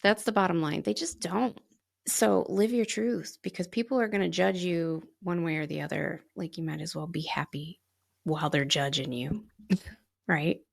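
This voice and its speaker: Podcast cohost lady, kinda gravelly voice, tells stories super animated and laughs a lot. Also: lowish voice, moderate pace. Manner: animated storyteller who acts out quoted dialogue and laughs often. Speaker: podcast co-host. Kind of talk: casual conversational podcast chat.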